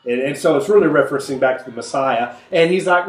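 A man leading a conversational Bible study, animated and acting out the voices he quotes. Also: fairly high pitch, a little fast, roomy sound, far from the mic. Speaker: Bible teacher.

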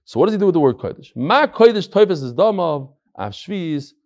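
A man teaching a Talmud class, telling stories in a lively way and repeating phrases for emphasis. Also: fairly high pitch, normal speed. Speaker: Torah teacher.

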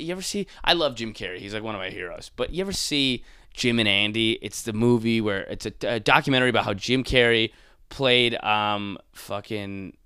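A young adult man, a comedian, ranting casually and profanely, mocking people with quick put-on voices. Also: mid-range voice, clean tone, dry recording, studio quality. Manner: animated, profane, mocking impressions.

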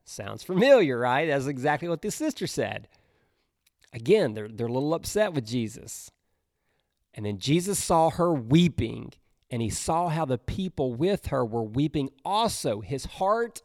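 Preaching a sermon, a man reads scripture slowly and dramatically, then breaks into casual, conversational asides. His medium-pitched voice has big pitch swings and a darkish tone, captured in a dry, clean studio recording.

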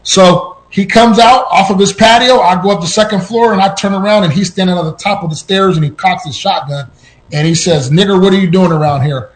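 A man telling personal stories on a podcast in an animated way, his voice jumping up at tense moments, with frequent restarts. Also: high voice, fairly quick, low-quality recording. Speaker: podcast guest. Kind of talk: personal storytelling.

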